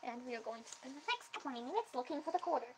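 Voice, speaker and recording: A woman's voice: high voice, big pitch swings, slightly rough, low-quality recording. A woman, joking around playfully in a casual chat at home. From Canada. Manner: playful, joking, quick to laugh. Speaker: guest on a livestream chat.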